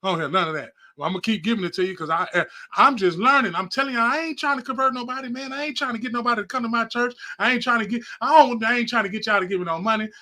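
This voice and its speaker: High bright man preaching casually. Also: racing, few pauses. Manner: rambling, repeats himself, talks straight to viewers. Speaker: podcast host. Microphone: phone held close.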